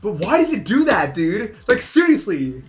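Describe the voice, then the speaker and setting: A young man streaming, chatting casually with viewers in a rambling, animated way. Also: high voice, moderate pace, faint music behind. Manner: rambling, animated, swings into shouting.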